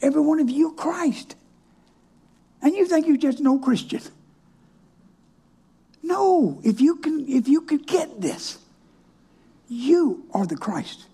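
Male pastor, folksy sermon, mellow, lively pitch. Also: unhurried, gravelly, pauses often. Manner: folksy, colloquial, switches between quoted voices.

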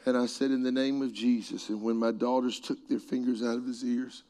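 A middle-aged man preaching a sermon and telling stories, moving between quiet passages and shouted peaks. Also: medium pitch, little pitch movement, brisk. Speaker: pastor. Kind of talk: sermon storytelling.

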